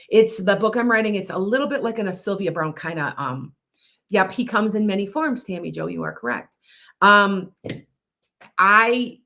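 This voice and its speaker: A woman's voice: medium pitch, fairly bright tone. A woman hosting a psychic podcast, chatting casually and rambling, often repeating herself and answering viewers' comments. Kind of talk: casual live-stream chat.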